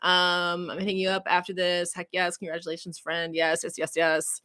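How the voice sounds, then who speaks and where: Woman livestream host, bright voice, emotional, laughing, choking up, casual. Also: on the low side, monotone, normal speed, few pauses.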